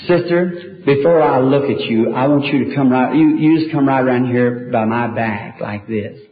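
A man leading a healing service as an evangelist, speaking gently and earnestly to each person before him. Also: mid-range voice, slight background noise. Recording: tinny lo-fi archival recording.

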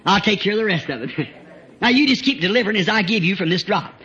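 Fervent high-voiced preacher on old tape. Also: male voice, lively intonation, fast, muffled recording. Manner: fervent, rising to shouts, chuckling between phrases. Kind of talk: revival sermon.

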